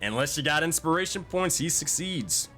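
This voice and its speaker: A man's voice: a little high, expressive, moderate pace, pushed and bright. A man running a tabletop game online as game master, narrating scenes and laughing often between rolls. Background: faint music.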